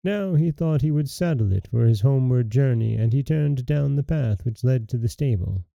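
A man hosting a folktale podcast, reading a fairy tale aloud in a measured, gentle storytelling way. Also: medium pitch, lively intonation, vocal fry, no room sound, muffled recording. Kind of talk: scripted narration.

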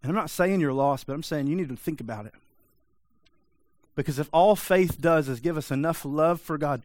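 A man delivering a sermon in a fairly high voice, pushing hard with question after question. His manner is direct and urgent, and the recording is dry and close, with no room sound. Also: normal speed, a little mellow, no room sound. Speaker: pastor.

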